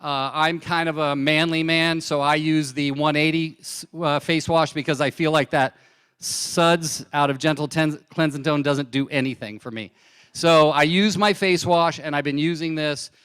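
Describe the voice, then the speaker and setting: Man, stage testimonial, animated storyteller, smooth clear voice. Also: on the high side, moderate pace. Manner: animated storyteller, acts out his wife's lines. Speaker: distributor sharing product testimonial. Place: large conference hall on stage. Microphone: handheld mic.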